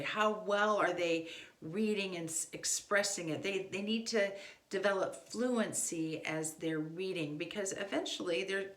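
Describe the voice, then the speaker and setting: In an echoey room, a woman with a mid-range, slightly bright voice offers parents casual advice on homeschool reading. Her instructional talk is loose and conversational, with many fillers and restarts.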